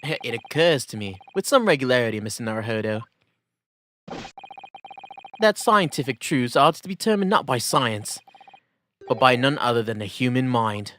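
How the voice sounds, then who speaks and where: A man voicing a cold, disdainful aristocratic male prosecutor, reading game dialogue in a slow, haughty drawl. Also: mid-range voice, sing-song, fairly bright tone, slight background noise.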